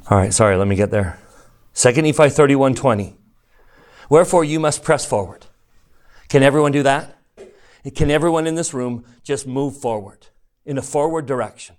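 A man teaching a classroom scripture lesson, emphatic and animated, asking the class questions and reading verses slowly and deliberately. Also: mid-range voice. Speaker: religion teacher.

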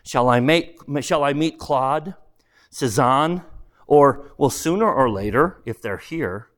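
Vain, fretful painter's ghost, read by a man, peevish and self-important, lively pitch. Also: takes it slowly. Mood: puzzled.

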